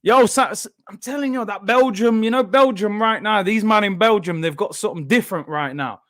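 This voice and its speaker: A young man hosting a live football watchalong, reacting loudly to the play and then talking himself back down. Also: high-pitched, brisk. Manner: excitable, shouts at big moments, then calms himself down. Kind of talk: live match watchalong commentary.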